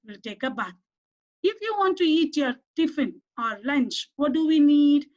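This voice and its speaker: With a high-pitched, expressive voice, a darkish tone and moderate pace, an Indian-English-accented primary school teacher runs an online English class for young kids. She encourages them with questions and asks them to repeat words. The recording is dull and lo-fi.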